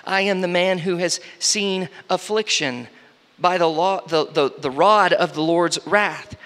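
A man preaching a sermon, reading scripture slowly and then explaining it with rising emphasis and frequent restarts. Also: high voice, a bit bright. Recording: long hall reverb.

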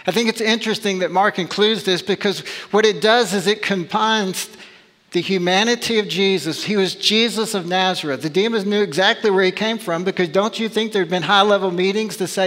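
A pastor delivers a sermon with emphatic, searching rhetorical questions. His voice sits high for a man. A long reverb trails every phrase, as in a large church sanctuary. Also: fairly quick, a bit bright.

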